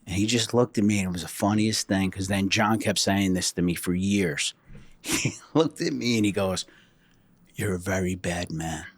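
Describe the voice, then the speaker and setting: A former state trooper tells stories on a casual podcast, blunt and profane, acting out what people said. His voice is fairly low, at normal speed, and the recording is dry.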